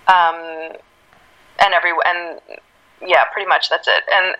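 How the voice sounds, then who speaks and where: Lively woman telling a laughing anecdote. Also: on the low side, poor audio. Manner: laughs often, animated, acts out quotes. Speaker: actress guest. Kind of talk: casual anecdotal storytelling.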